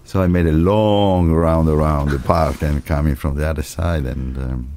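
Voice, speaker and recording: An Italian-accented man with an extremely low, deep voice, telling a long story as a podcast guest. He is a lively raconteur who acts out the dialogue and often breaks into laughter. His English carries the rhythm of a native Italian speaker. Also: moderate pace, slight background noise. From Italy. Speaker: martial arts teacher, podcast guest. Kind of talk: casual storytelling interview.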